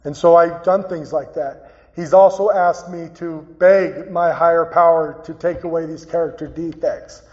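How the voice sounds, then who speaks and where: A man's voice: on the high side, fairly even intonation, a little mellow. Earnest man telling his story in a hall. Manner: earnest, halting storytelling with repeated phrases. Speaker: guest speaker at a recovery meeting. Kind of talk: personal recovery talk. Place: meeting hall. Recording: dull, echoey hall recording.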